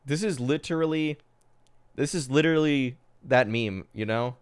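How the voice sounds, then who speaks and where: Excitable young man with a smooth voice. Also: medium pitch, normal speed. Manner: excitable, exasperated, swears, many fillers like "dude". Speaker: streamer reacting to old match. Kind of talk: casual live-stream commentary.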